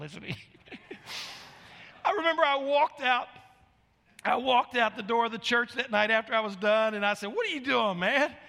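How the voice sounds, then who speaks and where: A middle-aged man, a pastor, telling stories during a sermon in an animated, emphatic way. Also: sits high, gravelly, in a large hall. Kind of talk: sermon storytelling.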